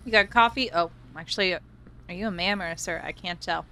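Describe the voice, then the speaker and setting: A woman hosting a horror game let's-play, loud and joking, swearing freely and reading the game's text aloud. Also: lowish voice, a little fast. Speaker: gaming channel host. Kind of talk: casual let's-play commentary.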